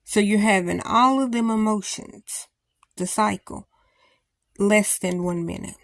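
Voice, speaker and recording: A woman's voice: mid-range voice, measured pace, gravelly, fairly bright tone, no room sound, clean studio sound. A woman vlogger talking through her feelings in a rambling, thinking-aloud way with many restarts. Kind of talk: personal reflective talk to camera.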